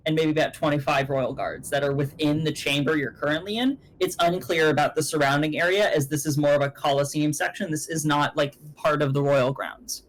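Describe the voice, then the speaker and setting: A young man narrating a tabletop game as game master on a stream, rambling with fillers and quick self-corrections. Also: a little high, fairly even intonation, a little hiss or hum, low-quality recording.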